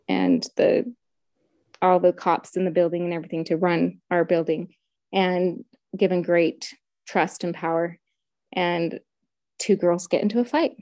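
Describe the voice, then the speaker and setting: A woman's voice: lowish voice, warm tone, no echo, clean studio sound. A middle-aged woman telling her own story in casual conversation, retelling events vividly and acting out quotes.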